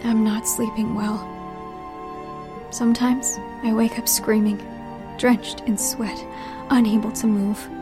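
Female narrator, somewhat high-pitched, hushed and half-whispered storytelling read, music bed underneath. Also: flat delivery, takes it slowly, pauses often. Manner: hushed, often dropping to a whisper.

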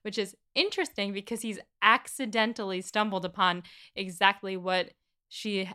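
A woman co-hosting a casual book discussion, retelling scenes in a chatty, animated way. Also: mid-range voice, normal speed, clean tone. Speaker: podcast co-host.

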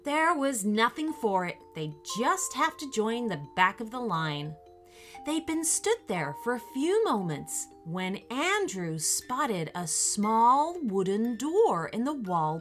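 A woman reading a children's story aloud in a gentle, expressive way, with faint music behind her. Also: fairly high pitch. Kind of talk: scripted children's story narration.

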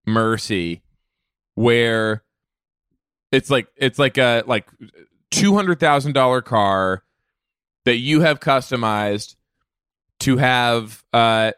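Male comedy podcast co-host, mid-pitched, rambling riffs, crisp dry close-mic sound. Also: a bit bright, no echo. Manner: rambling, riffing on absurd ideas. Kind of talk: improvised comedic banter.

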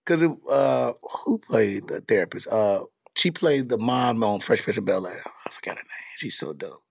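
A man, a comedian and dad hosting a podcast, telling stories in a casual, animated way with plenty of cursing. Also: on the low side, normal speed, gravelly, slightly rough. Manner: animated storytelling, cursing freely. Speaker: podcast host; comedian and father.

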